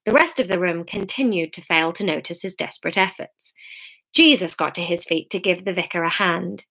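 A woman's voice: lowish voice, fairly quick, gravelly. Woman reading her book aloud. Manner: lively storyteller, laughs at her own slips. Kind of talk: live-streamed book reading with chatty asides.

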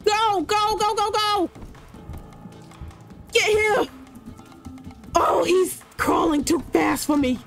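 A woman gamer doing let's-play commentary at a desk mic, excitable, yelling commands at the game and bantering in casual slang. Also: very high-pitched, slow pace, vocal fry, pauses often, soft background music.

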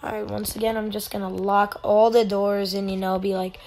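A woman's voice: mid-range voice, flat delivery, moderate pace, a little mellow, faint music behind. A woman giving casual gameplay commentary, playful, making beeping sound effects and dropping whispered asides.

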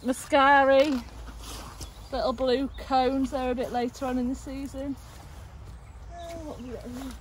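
A woman's voice: sits high, flat delivery, moderate pace, warm tone, rough recording. Easygoing woman outdoors. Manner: chatty, easygoing plant descriptions. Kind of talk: casual chat. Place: outdoors in a rural garden. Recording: outdoor recording with faint noise.

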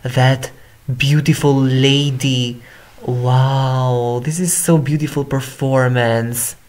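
A man's voice: mid-range voice, flat delivery, slow pace. A man reacting to a music video, gushing with repeated exclamations of praise. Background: song playing clearly.

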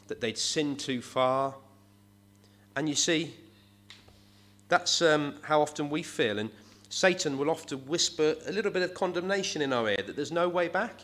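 A man's voice: on the high side, a bit bright. A man preaching a sermon in an earnest way, often tagging his points with rhetorical questions.

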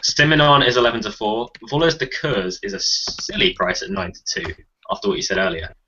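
Male host for a loose panel chat, bright tone, slightly dull recording. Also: lowish voice, expressive, a little fast. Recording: muffled audio with faint hiss.

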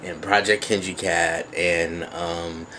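A male vlogger with a very low, deep voice, gushing his thanks in a loose, chatty way. He sits at home and fills his pauses with ums and likes. There is a faint hum of noise behind him. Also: level tone, bright, forceful tone. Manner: gushing, grateful, chatty with many fillers. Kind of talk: casual thank-you vlog. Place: at home, sitting.

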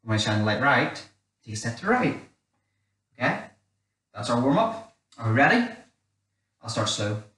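A man's voice: medium pitch, very animated, moderate pace, pauses often, fairly bright tone. Man, game leader for kids, chatty instructions, echoey room, distant mic. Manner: chatty, instructional, repeats "wee". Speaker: children's church game leader. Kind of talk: leading a children's game. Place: dark church hall.

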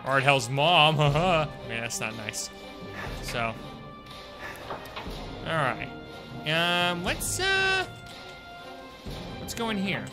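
Chatty male game streamer, higher voice. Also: big pitch swings, extremely slow, long pauses, over music. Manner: chatty, jokey, talks to chat. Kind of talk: casual gameplay commentary.

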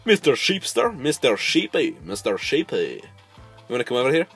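A man giving casual let's-play commentary, coaxing animals and bursting into sudden excited squeals. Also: mid-range voice, moderate pace, husky, soft background music. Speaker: gameplay host.

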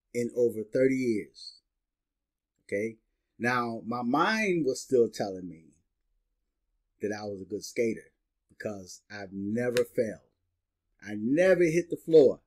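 A middle-aged man with a slight lisp, talking casually straight to his viewers and checking in with "right?" and "okay?". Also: medium pitch. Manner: chatty, repeats "right?" and "okay?". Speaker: vlogger. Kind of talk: casual monologue to camera.

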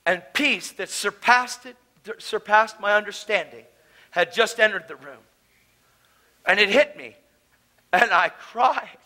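A man preaching his personal testimony at a conference. He swings from hushed storytelling to loud, emotional shouting. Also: high voice, lively intonation, a little slow, poor audio.

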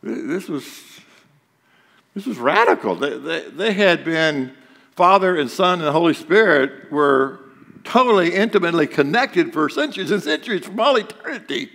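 A man's voice: on the high side, lively intonation, moderate pace, vocal fry, a bit bright. Man preaching in a reverberant church. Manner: conversational preaching with rhetorical questions. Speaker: pastor. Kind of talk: sermon. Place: church sanctuary.

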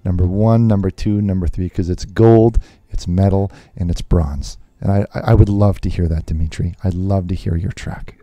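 A man playing a nervous televangelist host on a call-in show, talking haltingly with many fillers and restarts. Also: deep voice, fairly even intonation, dark tone, no room sound, muffled recording. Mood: flustered.

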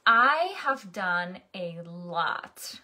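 A woman's voice: lowish voice, sing-song, extremely slow, sharp tone. A young adult woman coaching in a casual, chatty monologue, often restarting and asking "right?".

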